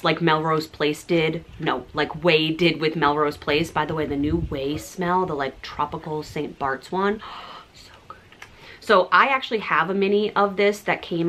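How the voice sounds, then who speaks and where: A woman in her thirties chatting breezily to camera as a beauty vlogger, full of "like" fillers and soft asides. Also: lowish voice. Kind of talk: casual chat showing products.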